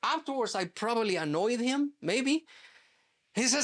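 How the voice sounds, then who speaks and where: A man's voice: very high-pitched, moderate pace. A middle-aged man, a real estate agent, telling a personal story in an interview and acting out the dialogue. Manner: lively storyteller who acts out quoted dialogue.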